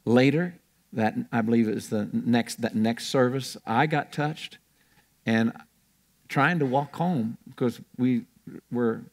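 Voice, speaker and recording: An older man preaching a sermon in a church, telling stories in a rambling way with restarts. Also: mid-range voice.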